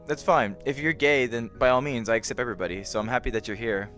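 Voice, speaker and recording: A man's voice: quick pace, fairly bright tone, soft background music. A young man casually chatting on a live stream, greeting viewers by name in a friendly, playful way. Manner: friendly, greets chat by name, playful meowing in a high squeak.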